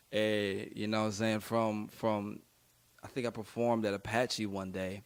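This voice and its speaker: Young adult male rapper, lowish voice, casual rambling interview storyteller. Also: flat delivery, measured pace, smooth. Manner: laid-back, slangy, rambling with many fillers. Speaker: rapper guest.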